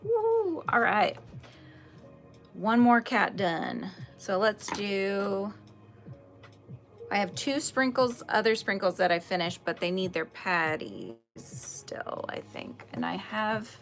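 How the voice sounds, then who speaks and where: Crocheting on a relaxed livestream, this woman in her forties chats and responds to viewers' comments, laughing frequently. Her medium-pitched voice is expressive and slow, with faint music playing behind her.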